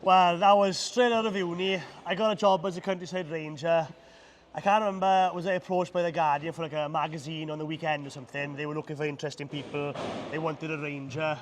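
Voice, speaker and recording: A man's voice: a little high, steady tone, fairly quick, a little hiss or hum. A Welsh man who runs a beekeeping supply business, answering interview questions modestly, often repeating words as he gets going. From Wales. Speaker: beekeeping supplier and bee farmer, guest. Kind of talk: casual interview chat.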